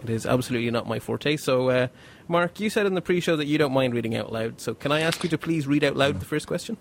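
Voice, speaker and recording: A man's voice: mid-range voice, fast, creaky, a little hiss or hum. A man hosting a casual panel podcast, chatty and a bit rambling as he introduces guests and explains things. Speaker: podcast host.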